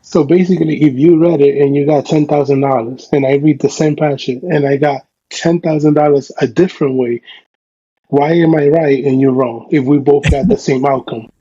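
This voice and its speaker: A man's voice: on the high side, steady tone, normal speed, dark tone, muffled recording. A man in casual podcast conversation who makes his points with rhetorical questions.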